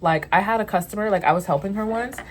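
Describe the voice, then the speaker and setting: A woman's voice: medium pitch, quick pace, a little hiss or hum. A young woman vlogger telling a story in casual chat, venting candidly and swearing freely.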